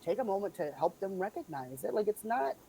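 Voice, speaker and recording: Lively, animated woman on a rant. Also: medium pitch, slight background noise, poor audio. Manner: animated, ranting, quick laughs. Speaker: guest. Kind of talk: casual chat on a livestream.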